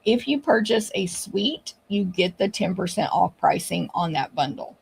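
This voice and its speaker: A woman's voice: medium pitch, lively intonation, unhurried, vocal fry, a little mellow, husky, low-quality recording. A woman hosting a casual catalog walkthrough, chatty and gushing, with many fillers. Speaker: craft channel host.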